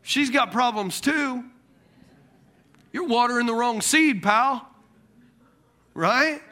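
A man delivers a lively sermon in a high, bright voice. He acts out the people he quotes and laughs at his own asides. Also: takes it slowly. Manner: animated preaching, quotes imagined people, laughs at himself. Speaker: pastor.

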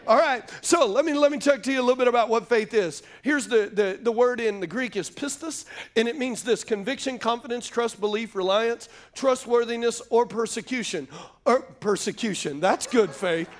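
High voiced guy pastor preaching, jokey asides, keeps asking the crowd to answer back. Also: moderate pace. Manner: call-and-response preaching, asks the crowd to answer; jokey asides between points. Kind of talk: sermon. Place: church sanctuary before a live congregation.

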